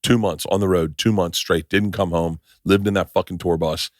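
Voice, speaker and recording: A man hosting a casual podcast, talking in halting bursts with many restarts and casual swearing. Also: low-pitched, steady tone, dry recording, studio quality. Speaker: podcast host.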